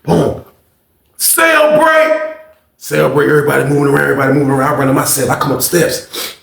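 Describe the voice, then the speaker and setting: A man telling a story in a casual, animated, profane way, full of repetition. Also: mid-range voice, rapid-fire, creaky, reverberant.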